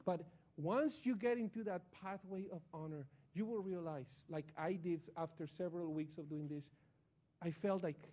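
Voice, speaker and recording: High-voiced man preaching. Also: moderate pace. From Colombia. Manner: animated, excitable storyteller. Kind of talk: sermon with personal storytelling.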